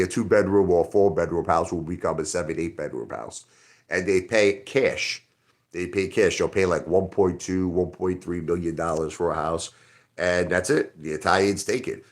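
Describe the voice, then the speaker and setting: A middle-aged man from Brooklyn, New York, with a deep voice hosts a casual livestream. He rambles from point to point and talks straight to his chat in a loose, conversational way.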